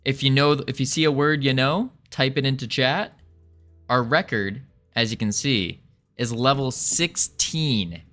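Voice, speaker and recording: With soft background music behind him, a man speaks in a mid-range, fairly bright voice at a measured pace. He mutters while reading code on a live stream of his game development, offering casual, self-deprecating commentary.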